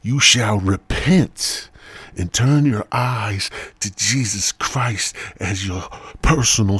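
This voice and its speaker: A man putting on a slow, emphatic proclaiming voice as a self-crowned king issuing a warning to everyone. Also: mid-range voice, husky, no echo, exaggerated voice.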